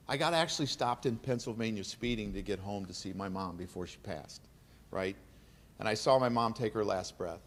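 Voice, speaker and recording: A middle-aged man giving an emotional, earnest keynote speech at an awards dinner, repeating phrases for emphasis. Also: mid-range voice. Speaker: keynote speaker. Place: large banquet hall. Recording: reverberant banquet hall.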